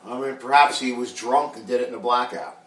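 A man's voice: mid-range voice, brisk, a bit bright, recorded from a distance. A blunt, opinionated man speaks in a casual podcast chat, often stumbling and repeating words before he lands his point. He sits away from the mic, and the room around him rings with echo. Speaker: podcast guest.

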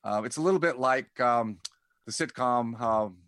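As a guest on a conversational interview podcast, a dentist and community founder rambles and frequently repeats words as he begins his sentences. He speaks at normal speed at medium pitch, sounding a bit bright, with no room sound.

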